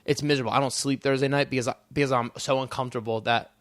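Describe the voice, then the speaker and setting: This young professional fighter, guesting on a podcast with a North Jersey accent, rambles loosely through his stories, restarting as he goes. He speaks at a racing pace in a steady, mid-range voice, with no echo in the recording.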